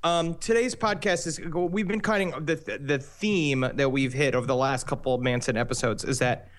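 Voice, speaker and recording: A man's voice: mid-range voice, moderate pace. A man co-hosting a comedy podcast, talking in a rambling, joking way. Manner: rambling, jokey. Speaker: podcast co-host. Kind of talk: casual comedic chat.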